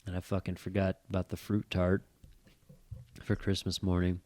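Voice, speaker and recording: A middle-aged podcast co-host with a low-pitched voice talks at normal speed on a casual chat show, with no echo in the audio. He's an animated storyteller who swears often and acts out the quotes in his tale.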